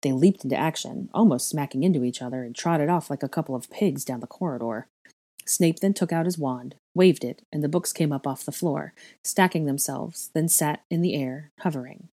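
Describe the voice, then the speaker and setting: A woman's voice: deep voice, normal speed, mellow. A woman expressively reading a story aloud as narrator. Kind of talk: fan fiction reading.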